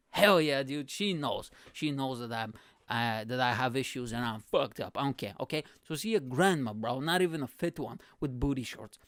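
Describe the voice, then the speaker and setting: A man hosting a podcast, telling comic stories in a rambling, sweary, animated way. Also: mid-range voice, normal speed, dry recording. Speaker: podcast host. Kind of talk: comedic monologue.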